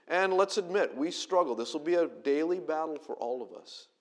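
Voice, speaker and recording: A middle-aged male pastor delivers a sermon in a church auditorium. His voice sits a little high, and he moves between scripture and casual, self-deprecating stories with animated energy. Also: moderate pace.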